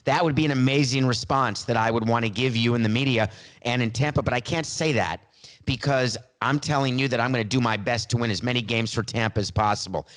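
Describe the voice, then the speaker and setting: A man's voice: mid-range voice, fairly even intonation, a little fast, fairly bright tone, lightly acted. A man on a sports podcast playing a smug, money-minded star quarterback in his forties, in a mock press conference using his own plain voice. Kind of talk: satirical impression in a sports podcast.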